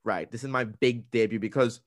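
A young man tells a story in a casual chat, full of energy and acting out the other people's voices. His voice sits at an ordinary middle pitch. The sound is dry, with no room echo. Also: fairly quick. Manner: animated, acts out quoted voices with big pitch jumps. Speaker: radio presenter and podcaster.

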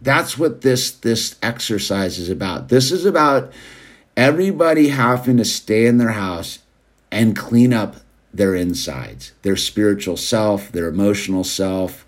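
A man's voice: lowish voice, animated, a little slow. A man hosting a show, rambling casually in a laid-back way and calling listeners "dude.". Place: California.

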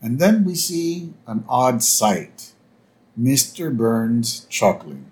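A man's voice: medium pitch, very animated, slow pace, darkish tone. A man co-hosting a podcast, laid-back and chatty, agreeing with lots of "yep" as he recaps an episode. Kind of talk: casual chat.

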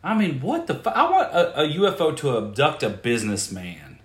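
A podcast host with a slightly high voice, speaking at a moderate pace, riffs crudely on odd news stories. He's incredulous and swears freely, breaking into animated outbursts. The recording has a roomy echo.

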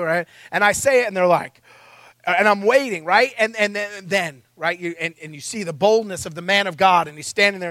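Male preacher, high bright voice, lively self-mocking storyteller, dry close sound. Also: normal speed, pauses often, no echo. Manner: animated, self-mocking storytelling, acting out his own panic. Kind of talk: sermon. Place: church.

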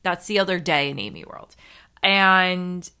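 A woman with a lowish, smooth voice speaks at a measured pace with a sharp edge. She's hosting a solo podcast, chatting casually and rambling, poking fun at herself and swearing now and then.

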